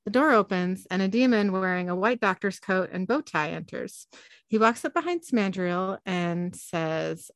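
A woman's voice: medium pitch, lively intonation, normal speed, no echo. A woman co-hosting a podcast, giving a casual recap of a show's plot and laughing often. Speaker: podcast co-host.

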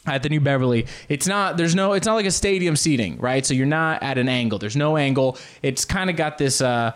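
A man telling casual, rambling stories on his own show, often jumping into loud comic impressions. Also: fairly high pitch, fairly quick. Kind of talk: casual solo storytelling.

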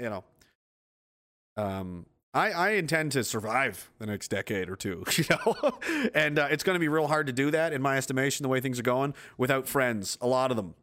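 A man's voice: mid-range voice, a bit bright. A man hosting a casual livestream, reading chat, rambling and profane and laughing often.

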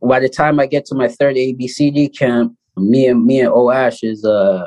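Canadian guy, 30s, podcast guest; chatty, animated storyteller, mid pitch. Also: poor audio. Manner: animated, fast storyteller full of "you know" and "like", acts out quotes; laughs often while telling his story. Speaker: podcast guest, pro basketball player. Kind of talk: casual storytelling interview.

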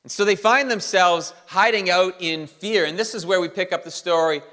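A man preaching a sermon as pastor, animated and drawing the congregation in. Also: high voice, moderate pace, long reverb tail.

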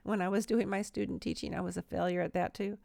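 A middle-aged woman gives an earnest devotional talk, telling small stories from home with self-deprecating humor. Her voice has a gravelly creak, and the recording is dry and close to the mic. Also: mid-range voice, steady tone, fast talker, darkish tone, no room sound. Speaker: Christian speaker.

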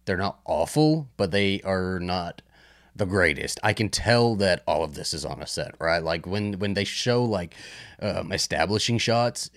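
A man's voice: sits low, no echo, studio quality. A man co-hosting a film podcast, rambling in casual chat with lots of fillers and restarts. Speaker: podcast co-host.

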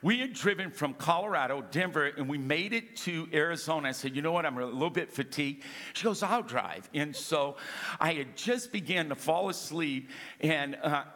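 A man's voice: on the high side, moderate pace. A middle-aged man preaching a sermon to a congregation, calling out to them and acting out little scenes. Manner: animated preaching with audience call-outs. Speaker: pastor. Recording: long reverb of a large hall.

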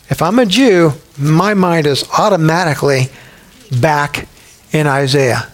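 A man preaching a sermon as pastor, speaking emphatically and firing rhetorical questions at the congregation. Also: on the high side.

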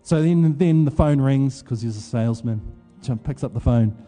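A man's voice: medium pitch, normal speed, warm tone, in a large hall, soft background music. A man preaching a sermon, telling a personal story in a loose, conversational way with plenty of fillers.

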